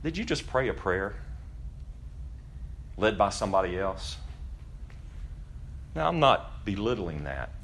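A pastor preaching a sermon to his church, asking pointed rhetorical questions and swinging between loud emphasis and quiet asides. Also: on the low side, big pitch swings, measured pace, gravelly, long pauses, slight background noise. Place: church during a service.

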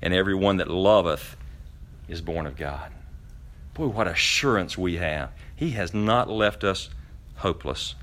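A pastor preaching a sermon to his church, asking pointed rhetorical questions and swinging between loud emphasis and quiet asides. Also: sits low, a little slow. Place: church during a service.

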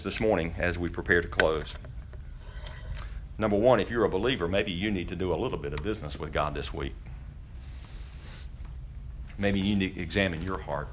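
A pastor preaching a sermon to his church, asking pointed rhetorical questions and swinging between loud emphasis and quiet asides. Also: low-pitched, slight background noise. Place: church during a service.

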